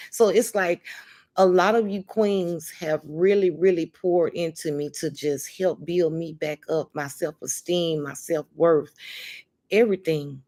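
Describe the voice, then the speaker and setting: Chatty woman hosting a live stream. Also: sits low. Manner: warm, emphatic, calls viewers honey and baby. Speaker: livestream host. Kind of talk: casual livestream chat.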